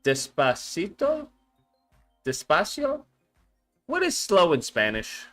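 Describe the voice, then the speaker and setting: Slow-talking man practicing aloud, swearing. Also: high-pitched, huge pitch swings, a bit bright, soft background music. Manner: swears a lot, thinks aloud, repeats words to practice. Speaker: streamer reacting to a language lesson. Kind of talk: casual live-stream chat.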